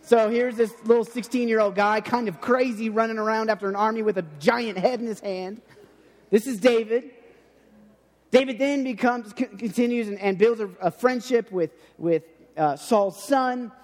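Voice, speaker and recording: A man's voice: sits high, normal speed, big-room sound. A man giving a casual sermon, talking loosely with many restarts and acting out the people in the story. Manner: chatty, repeats words and restarts, acts out quoted speech. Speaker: preacher.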